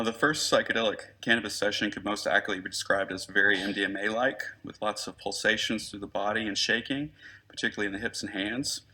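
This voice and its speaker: Man with a low gravelly voice giving a conference talk, reads his case notes slow and earnest. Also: sharp tone. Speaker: conference presenter, therapist.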